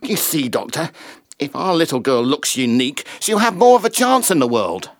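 An actor playing a keen, earnest husband ordering a deliberately plain baby from a doctor. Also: male voice, a little high, big pitch swings, no room sound. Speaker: prospective father.

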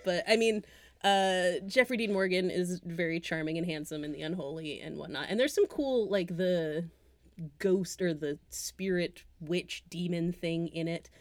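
A woman co-hosting a podcast, chatting casually about films, animated and often laughing as she trails off into asides. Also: on the low side, normal speed, dry recording. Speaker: podcast co-host. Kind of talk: casual film chat.

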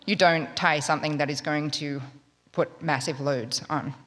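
A woman tells a story to a live audience in a wry, chatty manner. Her voice sits on the low side. The sound carries a long hall reverb. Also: steady tone, normal speed, a bit bright. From Australia. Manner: wry, conversational, self-mocking.

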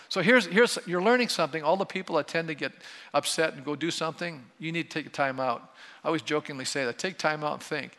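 Gravelly, bright-voiced preaching man. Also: a little high. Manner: conversational preaching, polling the congregation with questions. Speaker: pastor. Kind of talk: sermon. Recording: long hall reverb.

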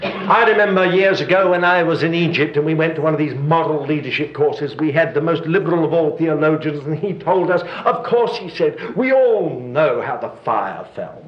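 A man's voice: a little high, fairly quick. An older male preacher giving a sermon, telling stories with dry humor. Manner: lively storytelling with dry humor and chuckles. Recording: roomy, dull, slightly noisy hall recording.

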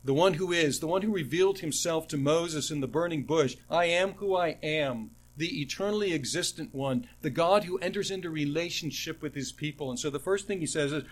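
A man preaching an expository sermon, speaking earnestly, often repeating words and slowing down to stress the verses he quotes. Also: fairly high pitch. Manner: earnest teaching tone, frequent word repetitions, slows to stress quoted verses.

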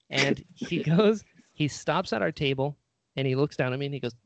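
A man's voice: fairly high pitch, normal speed, creaky, highs cut off, background noise. A man telling a story in casual chat, animatedly acting out what people said.

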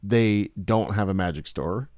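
A man co-hosting a casual chat, telling stories in an animated way. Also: lowish voice, a little slow, dry recording, studio quality. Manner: animated storytelling, puts on accents from scripts. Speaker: podcast co-host.

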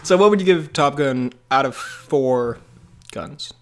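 A man's voice: medium pitch, expressive, a little slow. A man co-hosting a casual movie podcast, rambling playfully and laughing often. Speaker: podcast co-host.

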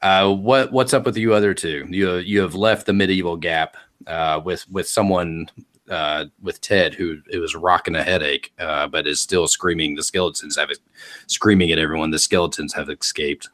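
A man narrating as game master, animated and laughing, jumping into high squeaky voices for townsfolk. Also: normal speed.

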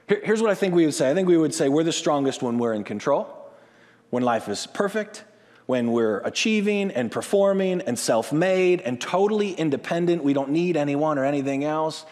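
A man with a high-pitched voice preaches a sermon, his words ringing with a long reverb through a large hall. He shifts into acted-out prayers and excited voices as he drives each point home. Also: moderate pace. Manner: animated, acts out quoted prayers and excited voices. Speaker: pastor.

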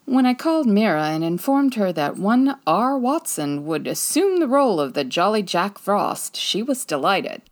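A woman's voice: medium pitch, big pitch swings, moderate pace, few pauses, close to an everyday voice. A woman playing a confident, breezy female private detective in 1940s radio style, arch and theatrical.

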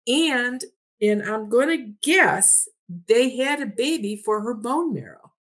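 Slow-talking woman retelling a conversation. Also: a little high, lively intonation. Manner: retells dialogue with repeated "I said, he said". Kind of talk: conversational storytelling.

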